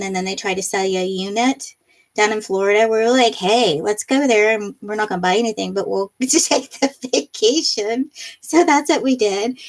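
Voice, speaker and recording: A woman hosting a live crafting stream from her home craft room, chatting and reading out viewer comments with frequent laughter. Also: medium pitch. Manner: bubbly, laughs often.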